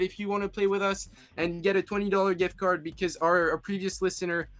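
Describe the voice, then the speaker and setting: Upbeat radio host guy, bright kinda high voice, keeps repeating himself, faint music behind. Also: flat delivery, a little fast, hardly any pauses. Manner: upbeat, laughs often, stumbles and repeats words. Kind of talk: casual radio chat.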